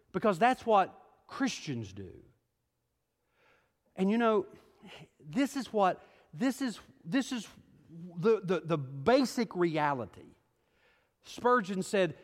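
A middle-aged male pastor preaching a sermon, moving from quiet scripture reading to emphatic exhortation. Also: high voice, sing-song, slow pace, long pauses. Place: church sanctuary. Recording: hall reverb.

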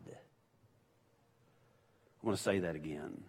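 A man's voice: lowish voice, expressive, slow pace, creaky, long pauses, breathy edge. A man preaching a sermon as pastor, emphatic and repeating his key points for weight. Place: church sanctuary. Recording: long church-hall reverb.

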